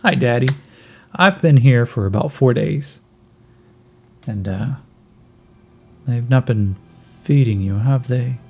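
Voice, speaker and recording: A man voicing a skinny, starving cyborg boy who jokes darkly and rambles, in a gravelly voice a little higher than his own. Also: expressive, slow, long pauses, a little mellow, full character voice. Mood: joking. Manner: wry, rambling, gallows humor. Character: skinny starving cyborg kid, chatty, joking.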